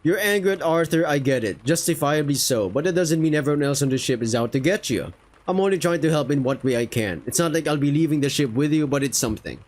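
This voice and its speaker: A man's voice: fairly high pitch, expressive, fast. A man voicing a chatty, boastful male falcon sailor in a game, speaking in a friendly, showing-off tone. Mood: reassuring. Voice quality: friendly, show-off tone.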